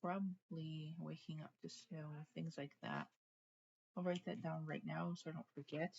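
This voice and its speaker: Low, gravelly woman in her forties. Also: moderate pace, a little mellow, muffled recording. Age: 40s. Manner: chatty, rambling, easily sidetracked. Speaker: book vlogger. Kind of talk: casual chat.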